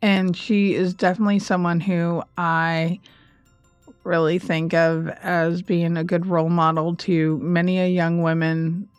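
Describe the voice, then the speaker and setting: A woman co-hosting a podcast in casual chat. She laughs often and slows down for emphasis. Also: fairly low pitch, little pitch movement, clear, resonant tone, no echo, faint music behind. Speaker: podcast co-host.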